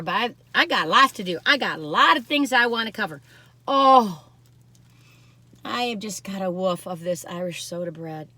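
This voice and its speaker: A woman's voice: high-pitched, pushed and bright, no room sound. A woman reviewing pastries in a casual food vlog, recorded on her phone in a parked car, gushing and laughing often. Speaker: food vlogger.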